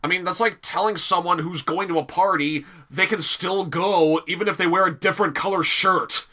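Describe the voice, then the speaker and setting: A man giving a casual, animated video review, often laughing and filling pauses with "um". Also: high-pitched. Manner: animated, giggly, many fillers.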